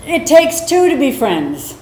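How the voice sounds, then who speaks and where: Animated woman dog trainer teaching. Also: high-pitched, takes it slowly. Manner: animated, chatty, acts out quotes. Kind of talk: teaching a class. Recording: roomy echo, faint noise.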